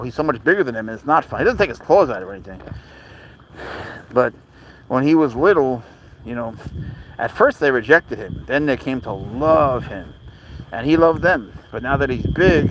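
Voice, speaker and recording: Rambling male live-stream host, mid pitch, casual chat, faint noise behind. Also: poor audio. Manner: rambling, chatty, baby talk to his cat.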